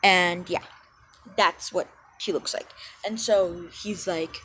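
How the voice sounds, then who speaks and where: A woman's voice: on the low side, fairly even intonation, slow, sharp tone, a little hiss or hum, poor audio. A young woman casually retelling a fan story, rambling and often correcting and apologizing for herself.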